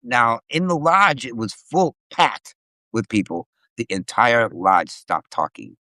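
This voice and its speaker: A man's voice: medium pitch, slow pace, dry recording. A middle-aged man telling stories in casual chat, swearing freely and acting out the voices of people in them. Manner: animated, profane storyteller acting out quotes. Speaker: live stream host.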